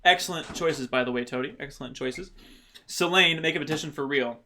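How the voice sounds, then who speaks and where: A man's voice: on the high side, a little fast, bright, forceful tone, slight background noise. A man hosting a livestream, chatting playfully and laughing as he reads viewer comments. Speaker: livestream host. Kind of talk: casual chat reading viewer comments.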